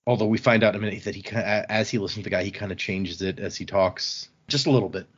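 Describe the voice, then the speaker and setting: A man casually recapping book chapters on a podcast, relaxed and chatty, quoting characters as he goes. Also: lowish voice, quick pace. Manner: relaxed, chatty retelling with small restarts. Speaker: podcast host. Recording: slightly dull lo-fi mic audio.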